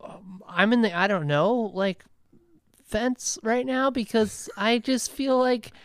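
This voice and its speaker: A man co-hosting a podcast, telling stories in an animated, chatty way and laughing often. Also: sits high, slow pace, clear, resonant tone, no echo. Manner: animated storyteller, acts out quotes, laughs often. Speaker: podcast co-host. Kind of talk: casual chat.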